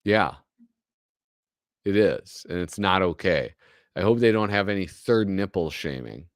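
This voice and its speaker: A man's voice: deep voice, expressive, measured pace, no echo, clean studio sound. A man hosting a live show, chatting casually with rambling, joking asides that trail off mid-thought. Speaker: host. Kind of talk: casual live-stream commentary.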